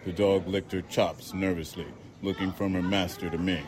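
Reading a novel told in the first person, a man keeps his voice low and steady for this audiobook. His delivery stays measured and dry, so the irony lands without any added emphasis.

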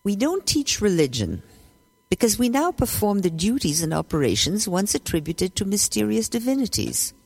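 A woman giving measured, detached scripted narration. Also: medium pitch, sing-song, vocal fry, slightly rough, no echo.

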